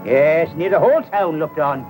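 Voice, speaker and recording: An actor plays a jittery stable man in an old western film, stammering and evasive. His voice is high and swoops up and down as he talks. Faint music plays behind him. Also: animated, natural voice, low-quality recording. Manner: stammering, fast-talking, evasive. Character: jittery small-town stable man, nervous. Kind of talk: 1970 western film acting.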